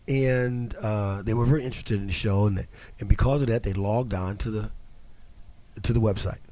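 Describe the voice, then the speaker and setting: A man's voice: lowish voice, steady tone, normal speed, mellow. Rambling man hosting a talk show. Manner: rambling, many restarts and fillers, chuckles. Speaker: host of a fitness talk show. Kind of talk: casual storytelling talk. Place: studio.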